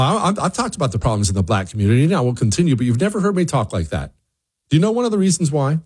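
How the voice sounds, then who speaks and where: A man's voice: mid-range voice, a little mellow, husky. A man hosting an opinion monologue, preachy and emphatic, often restarting his words. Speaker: commentary host.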